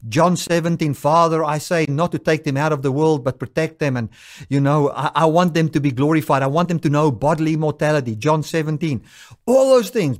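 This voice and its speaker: A man preaching a sermon, quoting scripture with emphatic rises and falls. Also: a little high. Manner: emphatic, rising and falling with scripture quotes.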